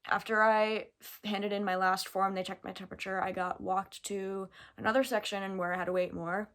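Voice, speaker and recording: Briskly and with a medium-pitched voice, a young American woman tells a personal story to camera, animated and chatty with casual fillers as she goes step by step. It comes across as a relaxed, unscripted vlog.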